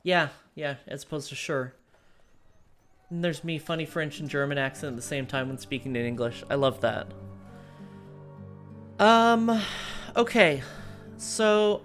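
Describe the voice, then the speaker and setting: A woman from the United States streaming a strategy game and chatting casually with her viewers, rambling and full of fillers and restarts. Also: deep voice. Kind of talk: casual live-stream chat while playing a strategy game.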